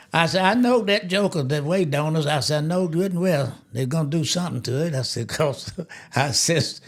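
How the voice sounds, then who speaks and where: A man in his eighties, a grandfather, telling a family story in a lively way, laughing as he goes and acting out the quotes. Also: fairly high pitch, breathy edge. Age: 80s. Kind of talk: casual storytelling.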